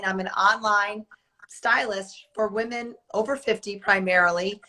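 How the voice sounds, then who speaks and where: A woman from the Northeastern US talks on a video call with a slightly scratchy, hoarse voice. Her tone is bright, and she explains her work in a friendly, easy way. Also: mid-range voice, fairly even intonation, measured pace. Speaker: online stylist. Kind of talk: casual live video chat.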